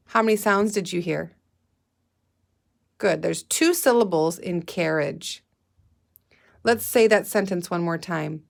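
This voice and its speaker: A female teacher with a lowish, creaky voice runs a guided reading lesson for young children. She's patient and deliberate, prompting the class to say and spell words.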